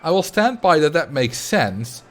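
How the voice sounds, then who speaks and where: A man's voice: on the high side, big pitch swings, unhurried, faint music behind. Chatty Dutch-accented man streaming a game. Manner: chatty and rambling, thinking aloud. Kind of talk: casual livestream chat while playing.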